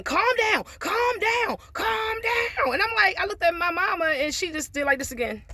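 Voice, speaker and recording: A woman's voice: a little high, fairly bright tone, no echo. A woman vlogger telling a personal story in a casual monologue, blunt and profane, with preachy asides about faith.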